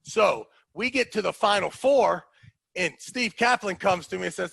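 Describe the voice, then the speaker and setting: A man's voice: high voice, normal speed, creaky, slightly rough, no echo. A man hosting a podcast, telling a story in casual chat and acting out the voices of the people in it. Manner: animated, acts out quoted voices.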